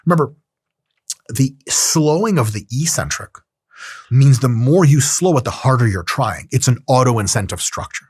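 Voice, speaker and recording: A man's voice: mid-range voice, fairly quick, breathy edge, dry recording, studio quality. A man giving a casual, profane, joking lecture on lifting technique, often acting out little scenes. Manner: profane, joking, animated, with acted-out asides. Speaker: strength training coach.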